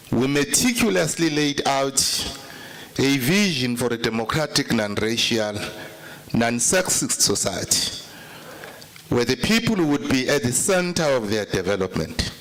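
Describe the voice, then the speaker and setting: A man's voice: mid-range voice, big pitch swings, a little slow, a bit bright. A man giving a political speech at a summit, opening with rousing call-and-response chants. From South Africa.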